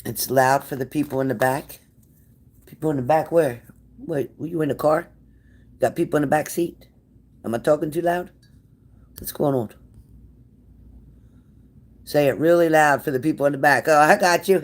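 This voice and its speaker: A woman's voice: low voice, moderate pace, pauses often. A woman hosting a casual livestream, blunt and sassy, cursing freely as she answers viewer comments. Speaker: livestream tarot reader.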